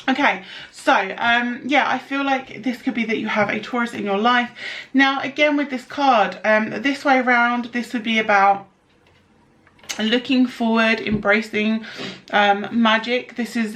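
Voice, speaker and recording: Woman, young adult, tarot reader, fairly high-pitched, chatty, rambling, filler-heavy. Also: a bit bright. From United Kingdom. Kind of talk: casual tarot reading to camera.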